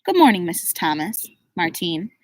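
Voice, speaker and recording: A woman reading a sly, overfamiliar South African game warden in an audiobook, his breezy patter turning into quiet threats. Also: on the low side, very animated, moderate pace, low-quality recording. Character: smooth-talking sly male game warden, menacing. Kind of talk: audiobook character voice.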